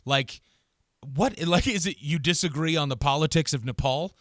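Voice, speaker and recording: A man's voice: a little high, moderate pace, no echo, clean studio sound. A man co-hosting a podcast in casual chat, playful and sarcastic, laughing often. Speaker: podcast co-host. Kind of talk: casual chat and reading letters aloud.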